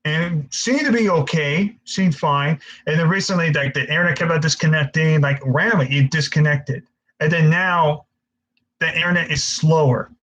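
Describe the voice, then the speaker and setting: A man's voice: fairly high pitch, normal speed, a bit bright, highs cut off, slight background noise. A young man hosting a casual live-stream Q&A, frustrated and stammering, swearing often as he answers viewers.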